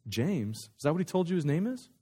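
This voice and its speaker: A man voicing a gruff middle-aged father who speaks flatly and bluntly, a little lower and quieter. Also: a little fast.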